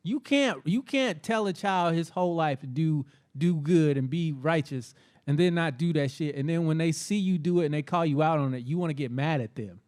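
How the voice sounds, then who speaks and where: A man's voice: fairly high pitch, a little fast, a little mellow. A man co-hosting a comedy podcast, talking bluntly and profanely about accountability in casual chat. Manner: blunt, profane, preachy remarks. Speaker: podcast co-host.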